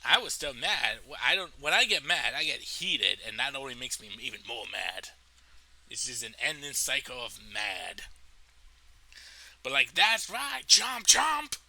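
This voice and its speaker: A man telling a story from his life in a casual storytime monologue, animated and profane, laughing at his own tale. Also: medium pitch, low-quality recording. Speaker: storytelling vlogger.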